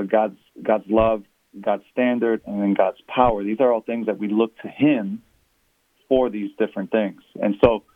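A man who is a pastor and author, speaking as an interview guest and explaining his views in an earnest, measured way. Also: on the low side, dry recording. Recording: tinny phone-line sound.

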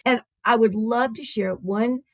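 A woman's voice: a little high, a little slow, a little mellow, no room sound. A woman telling a heartfelt personal story as a radio guest, speaking tenderly and repeating phrases for emphasis.

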